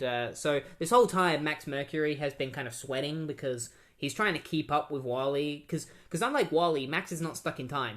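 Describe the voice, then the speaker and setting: A man giving a casual, rambling comic book recap, full of fillers and restarts, who gets animated when quoting characters. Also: mid-range voice.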